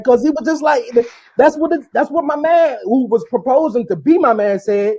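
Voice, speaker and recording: Very high-pitched excited man in a clip. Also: moderate pace, few pauses. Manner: excited, laughing storytelling. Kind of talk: played clip of casual banter.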